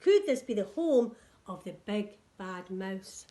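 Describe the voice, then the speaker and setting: A woman nursery teacher reading a picture book to young children in a clear, sing-song read-aloud voice. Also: mid-range voice, sing-song, slow, mellow, a little hiss or hum.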